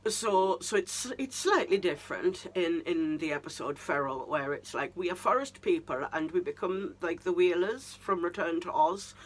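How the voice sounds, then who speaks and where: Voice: medium pitch, moderate pace, few pauses. A vlogger giving a casual review monologue of a TV season, ranting and incredulous, with many restarts.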